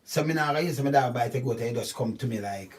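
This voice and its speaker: A man with a Jamaican accent giving casual, animated commentary on a news story, often stopping to ask "see?". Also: medium pitch, fast talker. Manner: animated, repetitive, keeps asking "see?". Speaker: channel host. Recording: voice distant from the mic.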